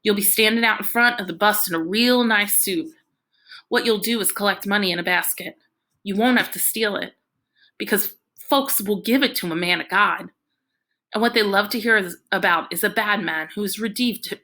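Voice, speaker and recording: A woman's voice: medium pitch, sharp tone, natural voice. Woman voicing menacing ex-con preacher. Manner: drawling, domineering, calls the boy "boy". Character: menacing ex-convict preacher man, middle-aged.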